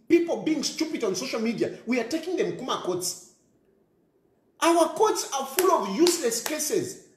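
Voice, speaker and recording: A Zambian politician with a Zambian accent delivers a scolding rant, hammering the same points again and again. His pitch leaps around with animated swings. The room around him is echoey. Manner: scolding, repetitive, insulting. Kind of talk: ranting commentary.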